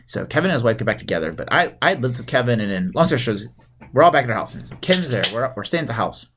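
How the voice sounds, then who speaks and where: A man tells stories in a casual chat, talking fast and loose. His pitch swings up and down a lot as he gets animated. He swears freely and laughs through his own punchlines. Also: background noise. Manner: animated, profane, laughs while telling stories.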